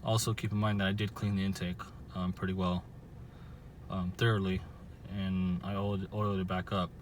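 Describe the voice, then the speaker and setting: This car-owner vlogger from Southern California talks about his car trouble outdoors beside the vehicle, rambling, filling pauses, and restarting his sentences. His low voice stays level at a moderate pace, with slight background noise.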